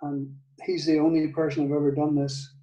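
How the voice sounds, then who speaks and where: An older man with a Northern Irish accent, telling a story in an interview, halting, with many restarts and soft laughs. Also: a little high, flat delivery, recorded from a distance. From Northern Ireland. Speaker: guitar maker, guest. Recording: echoey room, off-mic.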